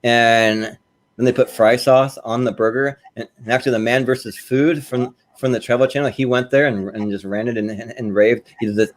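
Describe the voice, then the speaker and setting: A man's voice: medium pitch, fairly even intonation, normal speed. A man chatting casually, rambling and restarting his sentences often while he ranks restaurants. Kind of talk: casual chat.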